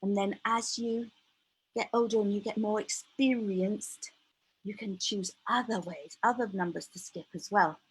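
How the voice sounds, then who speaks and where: A woman leading a lively counting lesson for young children, bubbly and encouraging, counting aloud in a sing-song way. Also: mid-range voice, measured pace, slightly rough, poor audio. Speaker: early years maths teacher.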